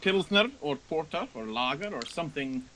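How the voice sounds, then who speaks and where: A man's voice: fairly high pitch, lively intonation, moderate pace, a crowd in the background, pitched above the performer's own voice, lightly acted, poor audio. A man voicing a cheerful, teasing female barmaid with a chirpy, lilting way of speaking.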